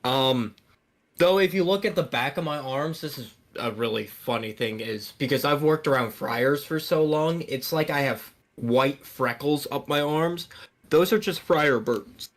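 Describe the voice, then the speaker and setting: A young man co-hosting a podcast, telling stories in a lively, casual way. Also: fairly high pitch, unhurried. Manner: animated storytelling, acts out quoted voices. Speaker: podcast co-host. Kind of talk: casual chat.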